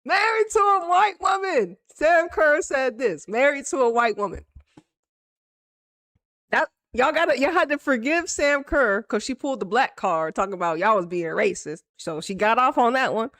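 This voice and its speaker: Animated woman with a lively high voice. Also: dry recording. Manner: animated, profane, rapid banter with acted quotes. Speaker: football commentator. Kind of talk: casual reaction commentary.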